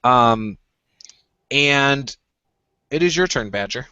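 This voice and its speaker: A man running a tabletop game as game master, narrating in a relaxed, chatty way with frequent fillers. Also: medium pitch, slow, clean tone, no echo, highs cut off.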